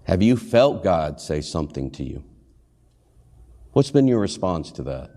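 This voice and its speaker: A man's voice: low voice, sing-song, unhurried, dark tone. A man giving a sermon, an earnest preacher and hospital chaplain who asks his listeners questions and briefly acts out the lines he quotes. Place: church sanctuary. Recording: long hall reverb.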